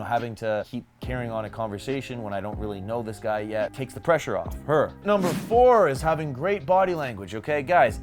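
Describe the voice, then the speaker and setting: Young man, dating advice vlog, emphatic coaching tone, faint music underneath. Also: mid-range voice. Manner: coaching, emphatic, addresses viewers directly as guys. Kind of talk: direct-to-camera advice vlog.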